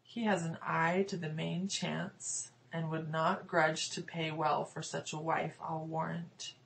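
A woman's voice: low-pitched, level tone, slow pace, gravelly, a little hiss or hum, full character voice, low-quality recording. A woman reading a bold, stubborn old farmer. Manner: bold, stout.

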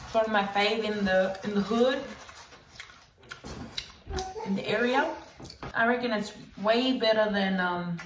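A woman with an Australian accent hosting a casual vlog, chatting with lots of ums and likes and quick giggles. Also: medium pitch. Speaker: vlogger host. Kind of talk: casual chat. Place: at home with kids. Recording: roomy, distant mic, faint noise.

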